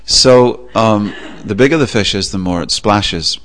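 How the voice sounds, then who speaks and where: A man preaching a sermon, telling a story with a relaxed, anecdotal manner and frequent pauses. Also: lowish voice. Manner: anecdotal, with fillers. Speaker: religious preacher.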